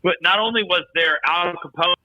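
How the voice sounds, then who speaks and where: A man's voice: high voice, normal speed, bright, forceful tone, dry recording, poor audio. A man co-hosting a casual podcast chat, talking at length with many restarts. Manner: rambling, many restarts and fillers. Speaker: podcast co-host.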